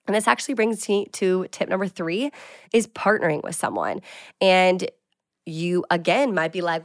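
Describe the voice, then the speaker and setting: A woman's voice: lowish voice, expressive, normal speed, no echo, clean studio sound. A woman in her twenties hosting her own show, chatting casually and upbeat through business tips, with lots of filler words. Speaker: fitness creator and show host.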